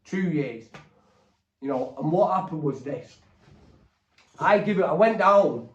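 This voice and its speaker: Bloke on a podcast, swears a lot, rambles, sounds far off in a roomy space. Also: male voice, on the high side, lively intonation, measured pace. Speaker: podcast guest. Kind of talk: candid storytelling. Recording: roomy, distant, dull.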